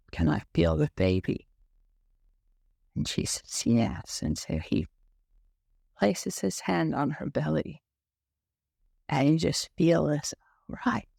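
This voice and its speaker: A man who serves as a meditation teacher, telling a story in an unhurried, tender, musing way. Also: a little high, gravelly, a little mellow, no echo, studio quality. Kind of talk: reflective storytelling talk.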